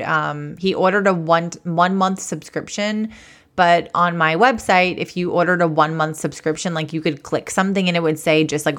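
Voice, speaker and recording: Low, gravelly-voiced woman telling a story. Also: a bit bright. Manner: rambling, self-correcting, chatty. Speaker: e-commerce business owner, podcast host. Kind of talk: casual storytelling monologue.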